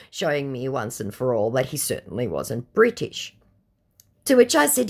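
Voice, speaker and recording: A woman's voice: a bass voice, big pitch swings, moderate pace, gravelly. A tired woman telling a scam-bait story in a blunt, sarcastic, exasperated way. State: tired from the heat. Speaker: vlogger recounting scam-bait chats. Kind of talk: casual storytelling to camera.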